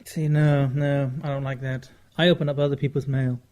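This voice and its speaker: A man's voice: medium pitch, flat delivery, brisk, darkish tone. A man with a British accent co-hosting a casual comedy podcast, telling rambling, self-mocking stories with crude jokes. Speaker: podcast co-host.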